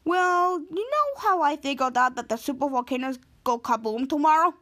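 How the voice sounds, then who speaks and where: A woman repeating the lines of a fussy, bumbling inventor man. He explains plainly, a little puzzled that nobody read his message, in a voice pitched well up. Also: lively intonation, moderate pace, fairly bright tone.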